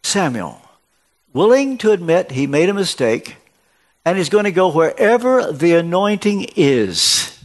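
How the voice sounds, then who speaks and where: A man's voice: very animated, measured pace. An older man preaching a sermon as a guest in a church, telling stories and acting out the dialogue in them. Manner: storytelling, acts out dialogue with shifts of pitch.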